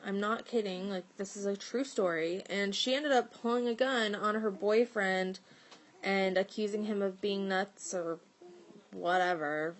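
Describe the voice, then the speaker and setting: A young woman telling a personal story in a loose, chatty way. Her voice sits in a middle pitch for a woman, and she fills her sentences with fillers. She jumps up into lively exclamations whenever she quotes what someone said. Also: rough recording. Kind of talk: casual storytelling.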